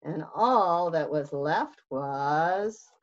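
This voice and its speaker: A woman librarian reads a picture book aloud to young children in a sing-song, expressive way, gasping and asking them questions. She takes her time, and her pitch rises and falls widely. The audio sounds dull and lo-fi, like a video call. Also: drawn-out words.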